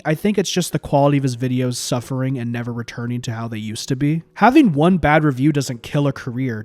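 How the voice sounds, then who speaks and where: A man's voice: on the high side, a little mellow, dry recording. A man who critiques films on video, delivering scripted commentary in a sarcastic, profane way. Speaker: YouTube film critic.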